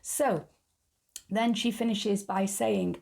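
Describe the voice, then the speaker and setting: Lady ranting casually about her niche, bit of fry in her voice, laughs a lot. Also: medium pitch, fairly even intonation, slow, a little mellow. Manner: frank, chatty, laughs at her own jokes. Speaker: YouTube channel host. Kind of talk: casual opinion monologue.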